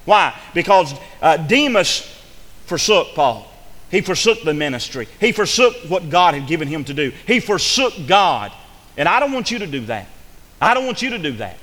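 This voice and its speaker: Fervent preacher in a reverberant hall. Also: male voice, a little high, big pitch swings, normal speed, fairly bright tone. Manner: fervent preaching with repeated phrases and restarts. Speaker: pastor. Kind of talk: sermon.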